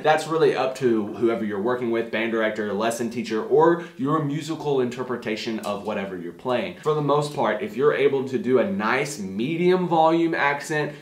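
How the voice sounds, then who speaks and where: A young man talks through a tuba lesson in a middle-pitched voice, friendly and explanatory. Now and then he sings short note syllables to demonstrate. The room adds a noticeable echo. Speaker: tuba teacher. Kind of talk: music lesson. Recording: roomy echo.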